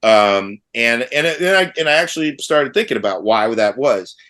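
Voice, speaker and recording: A man's voice: medium pitch, animated, fairly bright tone. A man in his forties, co-hosting a casual chat among old friends, rambling and restarting his sentences. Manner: rambling, halting with many restarts. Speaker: podcast co-host.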